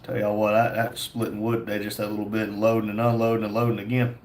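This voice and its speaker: A man's voice: fairly low pitch, flat delivery, quick pace. A man co-hosting a casual livestream, worn out and a bit out of breath, reading viewer comments with a joking drawl. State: tired, out of breath. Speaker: livestream co-host. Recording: echoey room with faint background noise.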